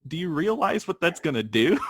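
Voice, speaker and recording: A man co-hosting a film podcast in casual chat, laughing often and talking in an animated way. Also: high voice, normal speed, breathy edge, no echo, clean studio sound. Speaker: podcast co-host.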